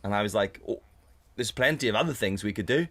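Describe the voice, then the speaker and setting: A man co-hosting a podcast, telling a story in casual chat on a condenser studio mic, animated and swearing often, mimicking his partner in a raised voice. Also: on the low side, fast talker. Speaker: podcast co-host.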